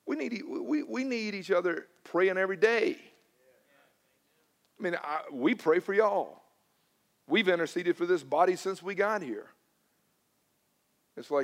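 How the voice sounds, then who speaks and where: A male pastor, preaching a sermon and swinging between loud emphatic lines and hushed, personal ones. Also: on the high side, normal speed, long reverb tail. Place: church sanctuary.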